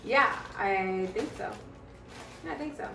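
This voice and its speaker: Soft music plays behind a woman vlogger whose mid-range voice is creaky and a little slow. Unboxing new gear at home, she gushes and laughs excitedly, captured from afar in an echoey room with noise.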